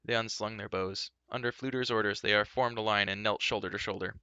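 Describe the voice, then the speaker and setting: A man's voice: steady tone, brisk, smooth, dry recording, lo-fi sound. A man reading a fantasy storybook aloud, giving the characters their own voices. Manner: shifts pitch and loudness for each character's lines. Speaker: audiobook reader.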